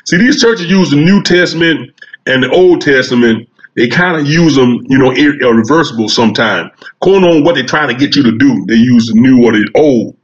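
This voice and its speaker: A man with a medium-pitched voice tells a long, folksy comic story at a brisk pace, acting out the dialogue in a drawling Southern style. It's a storytelling stand-up monologue, and the recording sounds dull and muffled.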